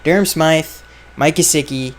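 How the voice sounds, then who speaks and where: Answering fans' questions on his podcast, this man speaks at normal speed in a voice on the high side. He chats casually outdoors with flies around, blunt and offhand, with sentences that often trail off.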